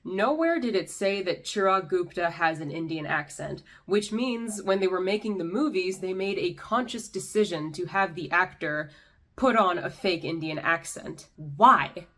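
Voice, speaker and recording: A woman's voice: fairly low pitch, normal speed, bright, forceful tone. Sarcastic young woman ranting to camera. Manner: sarcastic, exasperated. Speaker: YouTube commentator. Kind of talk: ranting commentary vlog.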